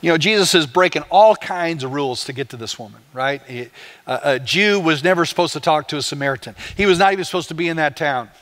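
A man's voice: on the high side, fast talker, a bit bright. A man, a pastor, preaching a conversational sermon with rhetorical questions to the congregation.

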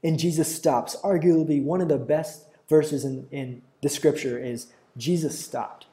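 A young man preaching an earnest sermon, reading scripture and rising to loud cries as he quotes it. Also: fairly high pitch.

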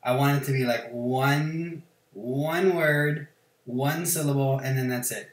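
A man chatting casually while he plays a game, rambling from one thought to the next and swearing freely. He pokes fun at himself. His voice has a middling pitch and carries a roomy echo. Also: takes it slowly. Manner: rambling, profane, self-mocking. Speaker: gaming channel host.

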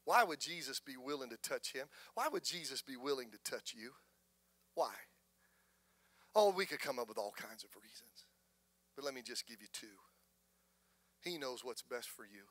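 A man with a Southern US accent preaching a sermon as pastor, impassioned, swinging from soft talk to shouting. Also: medium pitch, lively intonation, moderate pace, long pauses, no room sound.

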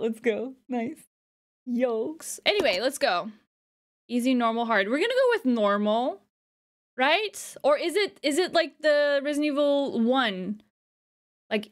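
A woman streamer giving playful, chatty commentary as she plays a game. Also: a little high. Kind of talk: casual gameplay commentary. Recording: voice with game music behind.

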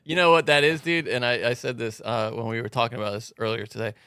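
A man co-hosting a podcast, reacting with quick casual banter. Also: mid-range voice, fairly even intonation, pushed and bright, clear, resonant tone, dry recording, clean studio sound. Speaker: podcast co-host.

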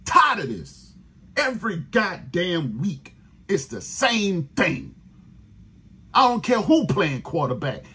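A man's voice: high voice, big pitch swings, slow, sharp tone, slightly rough. A man, hosting a sports podcast, venting in a profane, exasperated rant about his team. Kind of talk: angry fan rant.

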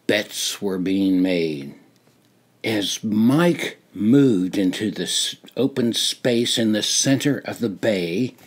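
Slow older man reading his memoir. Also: on the low side. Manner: slow, deliberate storytelling with dramatic rises and hushed drops. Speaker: memoir narrator. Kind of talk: reading a personal memoir aloud.

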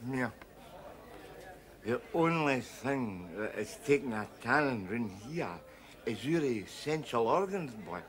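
An actor playing a belligerent middle-aged drunk who rants and stammers in a sitcom. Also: male voice, mid-range voice, animated, slow, a bit bright. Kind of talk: TV sitcom acting.

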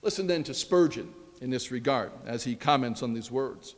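A man preaching a sermon as pastor, emphatic and repetitive, with his voice dropping low at the ends of phrases. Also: expressive, normal speed, in a large hall. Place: church sanctuary.

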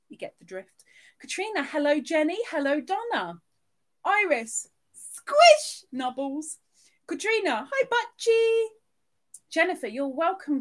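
A woman hosting a live stream, reading out viewers' names and chatting casually, with plenty of giggles. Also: very high voice. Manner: bubbly, giggly, reading chat names aloud.

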